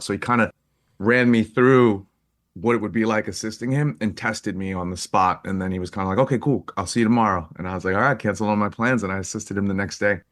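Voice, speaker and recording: A man, a photographer guest on a podcast, telling stories in a lively, animated way, acting out quoted speech and laughing often. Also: fairly low pitch. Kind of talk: casual interview storytelling.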